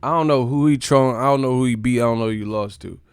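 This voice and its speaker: A man's voice: mid-range voice, fast, smooth, no room sound. A man hosting a live stream, casually reacting to chat with profane, mocking commentary.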